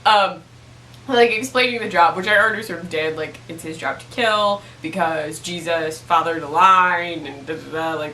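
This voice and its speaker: A chatty young woman recaps a TV episode in a loose, giggly way, full of "like" fillers. Her voice is bright and sharp. She sits a little back from the mic in an echoey room. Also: fairly low pitch, distant mic, slight background noise. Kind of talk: casual recap chat.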